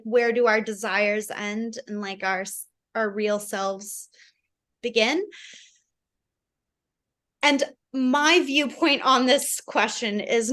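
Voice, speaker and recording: A woman's voice: on the high side, a bit bright. A woman in her thirties, a guest author in a casual online conversation, speaking reflectively with frequent "like" fillers and laughter.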